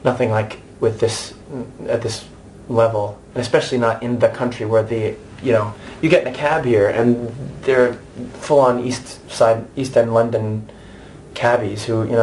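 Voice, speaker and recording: An American man in his thirties talks freely in an interview, animated and chatty, often restarting his sentences. His voice sits at a medium pitch. A faint hiss of background noise runs under the recording. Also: moderate pace. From United States. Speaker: interviewee, stage actor. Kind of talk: candid conversational interview.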